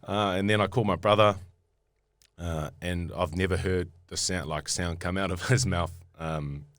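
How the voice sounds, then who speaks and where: Low-voiced New Zealand man telling stories. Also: steady tone, normal speed, a bit bright, no room sound. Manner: rambling, many fillers and restarts. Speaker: guest rugby player. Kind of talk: casual podcast storytelling.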